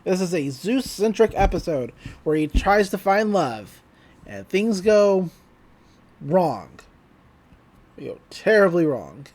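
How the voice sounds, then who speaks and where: A woman's voice: on the low side, animated, darkish tone. A woman co-hosting a podcast, chatting casually as she retells an episode and laughs along. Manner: chatty, retells scenes with quick voices and laughs. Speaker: podcast co-host.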